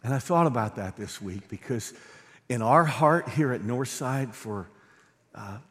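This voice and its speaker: A middle-aged male pastor preaching a sermon, swinging from quiet, low lines to loud, fervent ones. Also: expressive, measured pace. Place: church sanctuary. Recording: long reverb of a large hall.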